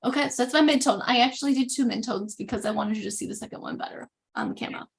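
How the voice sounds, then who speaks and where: A woman hosting a casual live makeup tutorial, chatty and animated, often interrupting herself. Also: a little high, very fast, vocal fry. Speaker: makeup demo host.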